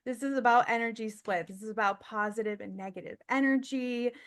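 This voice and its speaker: A young woman co-hosting a podcast in casual, bubbly chat. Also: fairly high pitch. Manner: bubbly, chatty, fast filler-heavy talk. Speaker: podcast co-host.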